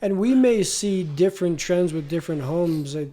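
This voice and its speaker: Mellow, higher-voiced man musing. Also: lively intonation, moderate pace. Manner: reflective, hesitant, repeats words. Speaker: co-host. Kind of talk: casual business podcast chat.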